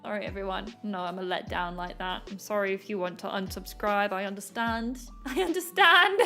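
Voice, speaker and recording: A woman's voice: sits high, pushed and bright. A woman streamer chatting casually while she draws, rambling and laughing often. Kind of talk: casual chat while drawing. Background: faint background music.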